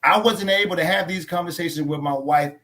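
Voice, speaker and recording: A church leader on a post-sermon talk show discusses faith casually, but in an emphatic, preacherly style, repeating key lines for weight. His fairly high voice has a bright, forceful edge and runs a little fast. He trains others in tone and inflection.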